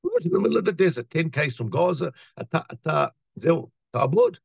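A man giving a lively Torah talk, telling a story and acting out the voices of its people. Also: fairly high pitch, brisk, vocal fry, slightly rough, no echo, dull audio. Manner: animated storyteller, acts out voices, many restarts. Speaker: rabbi.

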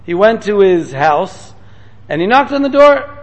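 A man giving a storytelling sermon as a guest speaker, talking in rapid, repetitive bursts sprinkled with Hebrew terms. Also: sits high, sing-song.

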